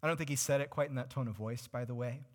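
A man's voice: mid-range voice, fast talker. A male pastor preaching a sermon, earnestly explaining scripture and putting questions to his congregation.

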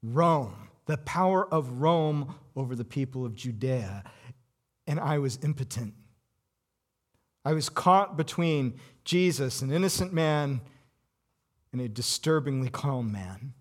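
An actor playing an anxious Roman governor in a dramatic first-person monologue, intense and full of rhetorical questions. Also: male voice, mid-range voice, animated, measured pace, close to an everyday voice. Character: anxious Roman governor, a cornered middle-aged man.

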